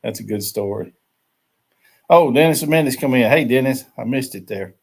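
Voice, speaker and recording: A man's voice: mid-range voice, animated, normal speed. An older man, chatting and joking easily as host of a casual live stream from a rural camp.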